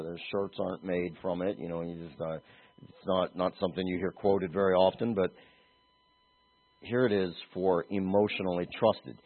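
A man preaching a sermon, talking animatedly and moving from soft, slow stretches to emphatic ones. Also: sits low. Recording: tinny phone-like audio.

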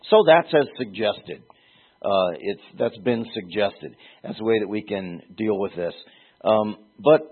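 A man's voice: mid-range voice, breathy edge. A man preaching a sermon, teaching through a Bible passage in a digressive way and rising to emphatic peaks when he quotes scripture. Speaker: pastor. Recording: tinny phone-like recording.

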